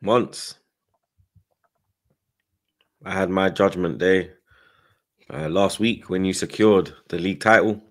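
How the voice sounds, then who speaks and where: Deep-voiced man in football banter. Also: steady tone, a little slow, fairly bright tone. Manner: slangy, laid-back, teasing. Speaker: football podcast panelist reading viewer messages.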